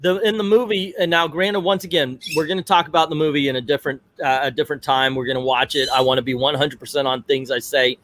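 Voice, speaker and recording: Middle-aged male streamer, a touch higher pitched, casual and digressive commentary. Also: steady tone, fast, few pauses, fairly bright tone, a little hiss or hum. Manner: chatty and digressive, talks aside to family. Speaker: livestream host.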